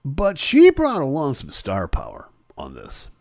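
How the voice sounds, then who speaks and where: A man's voice: mid-range voice, wildly swooping pitch, vocal fry, a little mellow, dry recording, studio quality. A male host in casual live-stream chat, reading comments and talking with many fillers and restarts. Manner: chatty, halting with fillers and restarts.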